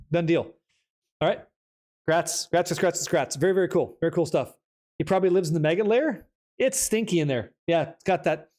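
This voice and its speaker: A man's voice: a little high, darkish tone. Upbeat man streaming to live chat. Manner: casual, hyped, swears and jokes with chat. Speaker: streamer host.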